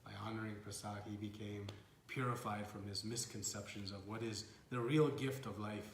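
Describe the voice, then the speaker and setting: A man telling a devotional story as a sermon, animated and acting out the characters. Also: on the low side, normal speed, roomy sound, slight background noise. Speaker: devotional speaker.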